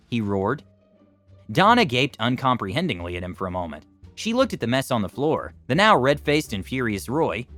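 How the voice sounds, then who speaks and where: Male narrator, animated storyteller with lively pitch; faint music bed. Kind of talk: scripted narration of online stories.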